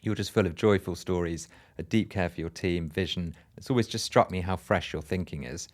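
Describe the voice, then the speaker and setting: Low-voiced effusive male host. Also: a little fast. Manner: effusive, praising introductions. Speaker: podcast co-host. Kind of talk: interview hosting.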